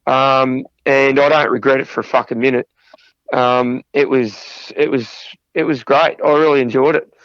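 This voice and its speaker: A man's voice: mid-range voice, fairly even intonation, moderate pace, a bit bright, no echo, dull audio. A middle-aged man, a podcast guest telling profane road anecdotes between bursts of laughter. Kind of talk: casual storytelling interview.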